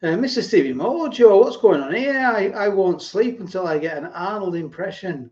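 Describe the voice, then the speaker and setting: A man hosting a casual live stream, reading viewer comments and thanking them by name, sometimes dropping into low asides. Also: animated, normal speed, few pauses, a little mellow, dull audio. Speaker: host of a food channel live stream.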